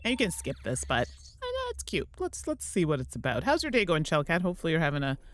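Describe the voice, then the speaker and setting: A woman's voice: deep voice, wildly swooping pitch, fast talker, soft background music. A woman hosting a gameplay livestream, chatting in a rambling way and laughing easily. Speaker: host and streamer. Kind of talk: casual gameplay livestream chat.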